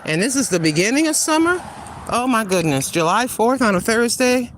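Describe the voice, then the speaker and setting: A woman's voice: on the high side, expressive, normal speed, slight background noise. An older woman hosting a casual livestream while walking outdoors on a street, chatty and rambling, laughing often as she digresses. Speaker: livestream host.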